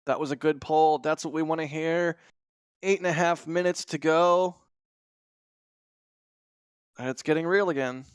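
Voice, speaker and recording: A man hosting a live rocket launch stream, chatting excitedly with his co-hosts. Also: a little high, a little slow, pauses often, clean tone, no room sound, clean studio sound. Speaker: livestream host.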